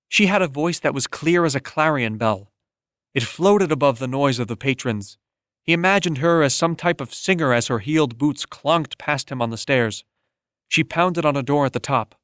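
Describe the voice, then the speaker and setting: A man narrating an audiobook in a steady, measured storytelling manner on a close studio mic. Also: mid-range voice, smooth, no echo. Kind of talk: scripted narration.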